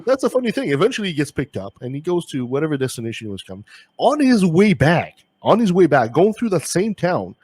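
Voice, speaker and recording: A man hosting a podcast, telling stories in a casual, animated way, laughing as he goes. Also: fairly high pitch, fast, slightly rough, no echo. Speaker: podcast host. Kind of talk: casual chat.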